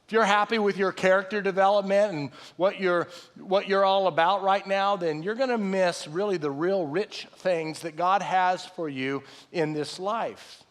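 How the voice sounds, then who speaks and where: A middle-aged pastor preaching in a large church sanctuary, his voice a little high for a man. He tells stories conversationally, jumping from loud excited retellings to soft low tones. The room adds a long echo to every line. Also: normal speed, few pauses. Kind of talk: sermon. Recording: long reverb of a large hall.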